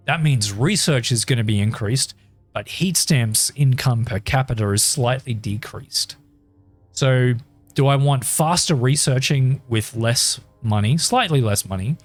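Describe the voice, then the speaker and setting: Australian man commentating a strategy game. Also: medium pitch. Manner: talks to chat, thinks aloud with many ums. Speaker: gaming YouTuber. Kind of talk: casual gameplay commentary.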